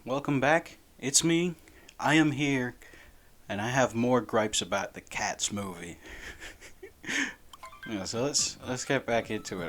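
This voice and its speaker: A man's voice: medium pitch, animated, a little slow, long pauses. A man chatting casually over gameplay, rambling, laughing and repeating words, with game music behind. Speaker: gaming channel host.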